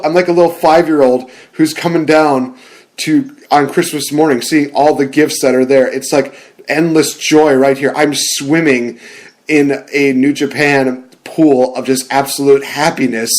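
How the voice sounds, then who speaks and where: A young man talks in a casual wrestling chat, rambling and getting carried away with excitement. He laughs often and stumbles over his words as he rants. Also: mid-range voice. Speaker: podcast co-host.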